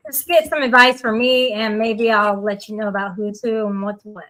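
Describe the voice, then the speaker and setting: A woman's voice: medium pitch, steady tone, normal speed, a bit bright, slight background noise, rough recording. A woman chatting casually on a stream, playful and gossipy. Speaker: streamer in a group voice chat. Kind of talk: casual chat.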